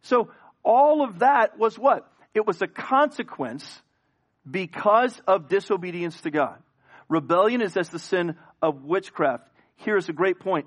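A pastor preaching a sermon, acting out biblical dialogue and building in intensity. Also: male voice, sits high, unhurried.

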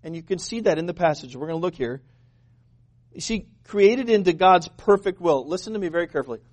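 A man preaching a sermon as pastor, animated and joking, asking the congregation questions. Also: high-pitched, brisk.

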